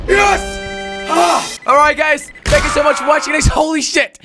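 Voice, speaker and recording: A young man runs a gaming channel, delivering excitable let's-play commentary as he talks to himself, shouts, and swears at the game. His voice is extremely high-pitched and moves at a moderate pace over background music.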